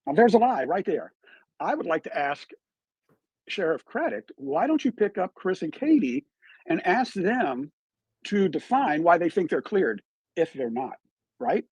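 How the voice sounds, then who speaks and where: On a live stream, a man discusses true crime emphatically, stacking up rhetorical questions at a slightly slow pace. His high-sitting voice has a slightly husky edge and swings widely in pitch. The sound is dry with little room echo and is heard as played back from the stream.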